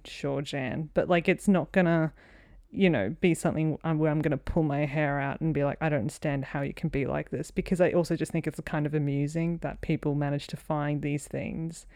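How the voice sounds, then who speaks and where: A woman's voice: deep voice, normal speed, darkish tone, no room sound, studio quality. A woman with an Australian accent co-hosting a podcast in casual chat, chatty and laughing often. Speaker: podcast co-host.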